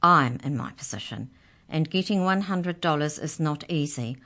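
A woman's voice: low voice, animated, moderate pace, a bit bright. A woman voicing a cranky talking mouse that is a tooth fairy, in an exasperated, matter-of-fact manner.

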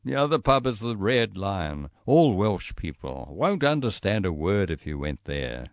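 A man voicing a gloomy, talkative middle-aged Scotsman who grumbles bluntly, pitched above his own voice. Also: very animated, measured pace, no echo. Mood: grumbling.

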